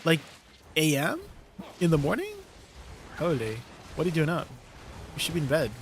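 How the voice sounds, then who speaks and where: A man's voice: on the high side, very animated, normal speed, background noise. Laid-back chatty male streamer. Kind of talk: casual livestream chat with viewers.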